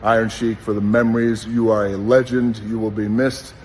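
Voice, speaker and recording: A middle-aged man, a former pro wrestler, giving a heartfelt personal tribute in an earnest, slow and deliberate way. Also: fairly low pitch, little pitch movement, darkish tone. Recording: long reverb with faint background noise.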